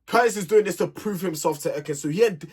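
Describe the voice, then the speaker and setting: A young man with a fairly high voice delivers a sassy, exasperated reality TV review. He talks straight at the people on the show as though they could hear him. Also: quick pace, a little mellow, slightly rough. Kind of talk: animated solo review rant.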